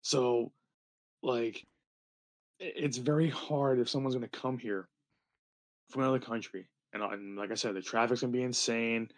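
A young man from New Jersey co-hosting a podcast, talking in a rambling, animated way with lots of fillers and laughter. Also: mid-range voice, normal speed, long pauses. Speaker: podcast co-host. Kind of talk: casual podcast chat.

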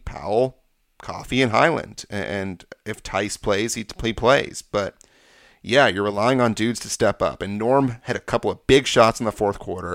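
A man's voice: lowish voice, gravelly, fairly bright tone, dry recording, clean studio sound. A man hosting a sports podcast, confidently breaking down games and stats in casual talk. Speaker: podcast host.

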